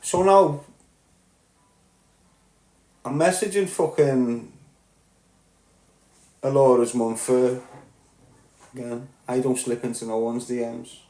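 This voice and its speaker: A man's voice: steady tone, takes it slowly, pauses often. Liverpool man, 30s, blunt profane podcast monologue, roomy echo. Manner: blunt and profane, swings between loud outbursts and low muttering. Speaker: podcast host. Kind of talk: candid monologue.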